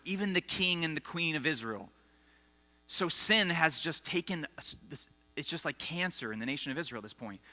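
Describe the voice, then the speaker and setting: A man's voice: medium pitch, bright, forceful tone. A man preaching a conversational sermon to students, telling stories and quizzing the audience. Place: school assembly hall. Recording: long hall reverb with mains hum.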